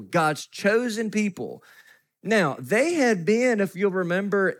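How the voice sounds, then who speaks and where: A pastor preaching a sermon, telling stories with self-deprecating humor and now and then laughing. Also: male voice, high-pitched.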